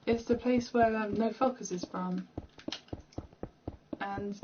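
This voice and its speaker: A woman's voice: mid-range voice, fairly even intonation, slow pace, muffled recording, background noise. A young British woman chatting casually and rambling while she plays a game, laughing at herself, recorded at home. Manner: rambling, chatty, self-deprecating. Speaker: gaming streamer.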